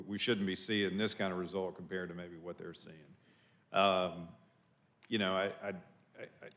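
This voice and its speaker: Man, commissioner type, deep voice, rambling and hesitant at a public meeting. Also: a bit bright. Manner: halting, many fillers and restarts. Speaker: county commissioner. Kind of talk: public board meeting discussion.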